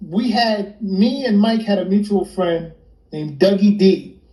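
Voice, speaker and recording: Animated New York man telling a story. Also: high voice, unhurried, roomy sound, low-quality recording. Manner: animated storyteller acting out quoted friends. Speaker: interview guest, rapper and producer. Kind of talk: casual storytelling interview. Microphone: phone or computer on a livestream.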